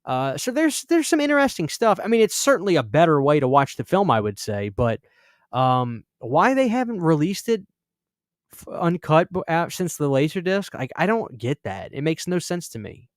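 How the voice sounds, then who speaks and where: With a fairly high pitch and a very animated delivery at a moderate pace, a young man hosts a horror channel and casually tells a rambling story to his live stream audience. He acts out the voices of the people he quotes. The audio is studio quality, with no room sound.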